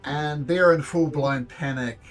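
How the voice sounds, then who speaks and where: A man running a tabletop game as game master, narrating in a halting way with many fillers and repeated words. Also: a little high, faint music behind.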